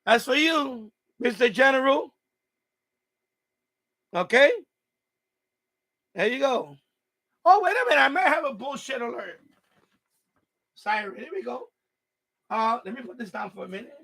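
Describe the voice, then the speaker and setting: High, gravelly man ranting angrily. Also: lively intonation, measured pace, long pauses, bright, forceful tone. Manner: angry, profane, repetitive ranting. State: mad. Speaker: ham radio livestream host. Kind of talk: unscripted livestream rant.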